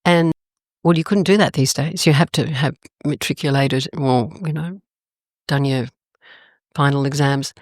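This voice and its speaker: An older Australian woman telling stories in a casual interview, animated and expressive, her pitch jumping up suddenly. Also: unhurried, dry recording, clean studio sound. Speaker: guest.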